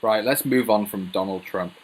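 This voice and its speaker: A man's voice: lowish voice, moderate pace, noisy background. A man hosting a casual live Q&A stream, joking and rambling as he laughs at his own jokes. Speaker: livestream host.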